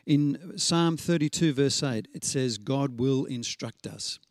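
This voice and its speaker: A male preacher with a mid-range, slightly mellow voice delivers a chatty sermon as conversational storytelling, full of fillers and restarts. He slows down to stress scripture references, and the sound is close and dry.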